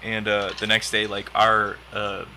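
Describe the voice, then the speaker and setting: Young man, casual podcast chat, animated profane storytelling, very bright voice, faint noise. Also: on the low side, a little slow. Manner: animated, profane, laughs often.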